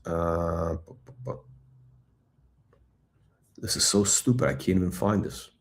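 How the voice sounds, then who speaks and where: A middle-aged man hosting a live stock chat, talking in an excitable, blunt, repetitive way and swearing now and then. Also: deep voice, unhurried. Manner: excitable hype, blunt, swears, repeats himself. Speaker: stock channel host. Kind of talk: livestream stock chat reading chat questions.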